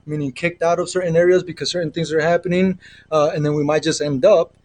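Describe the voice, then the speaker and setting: A man's voice: a little high, fairly even intonation, fast talker, a little mellow. A middle-aged man with a Mexican accent, talking on a casual spiritual livestream from home through an earbud mic. He rambles earnestly, often trailing off and restarting. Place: home with children nearby. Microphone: earbud headset.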